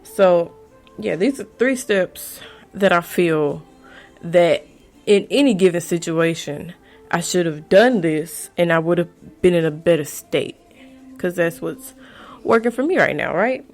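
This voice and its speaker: A woman talks slowly and deliberately, working through her thoughts aloud with restarts and blunt swearing. It sounds like a casual advice monologue. Soft music plays faintly behind her. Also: fairly low pitch. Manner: candid and profane, rambling with restarts. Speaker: podcast host.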